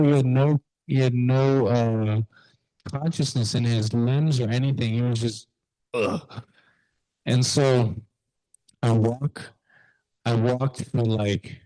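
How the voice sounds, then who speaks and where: A young man in class casually telling a funny story, animated and full of fillers. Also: mid-range voice, dry recording, poor audio. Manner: animated, lots of fillers and restarts.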